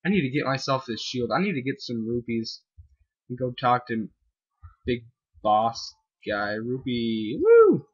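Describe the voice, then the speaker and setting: A man talks through a video game he's playing, excitable and quick to whoop or yell at it. His husky voice swings widely in pitch. The recording sounds dull and lo-fi. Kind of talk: let's-play commentary.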